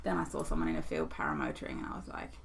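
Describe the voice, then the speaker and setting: A woman from the UK, a paramotor pilot, talking as a podcast guest in a thoughtful, halting way. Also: a bass voice, fairly even intonation, creaky, a little hiss or hum. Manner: thoughtful, halting, restarts phrases. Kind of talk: casual interview chat.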